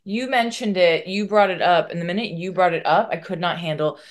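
A woman's voice: on the low side, a little fast. A woman guest on a podcast, talking emphatically in a casual movie chat.

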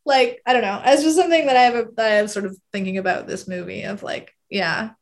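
A woman's voice: mid-range voice, steady tone, quick pace. A woman in casual conversation, rambling and filling her speech with "like" and frequent laughs. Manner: rambling, heavy use of "like", laughs often. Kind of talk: casual chat.

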